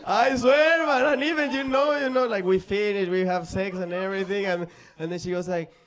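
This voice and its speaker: High-voiced Mexican man doing stand-up. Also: fairly quick. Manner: animated storytelling, acting out voices, swings loud and soft. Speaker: stand-up comedian. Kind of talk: stand-up comedy set. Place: comedy stage before a live audience. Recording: live club crowd audible. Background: audience laughter.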